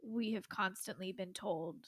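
A woman's voice: mid-range voice, a little slow, breathy edge, dry recording. A woman in her twenties, co-hosting a podcast in casual chat, giggly and full of "like" fillers. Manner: chatty, giggly, many "like" fillers. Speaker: podcast co-host.

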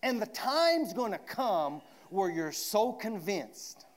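A man preaching a sermon, swinging from shouted declarations down to hushed asides. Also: sits high, sing-song, slow.

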